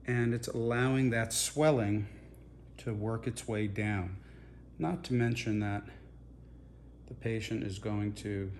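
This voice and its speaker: Man, surgeon, low voice, calm reassuring instruction, faint background hiss. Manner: calm, reassuring, repeats gentle guidance. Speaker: facial plastic surgeon. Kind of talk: instructional demonstration.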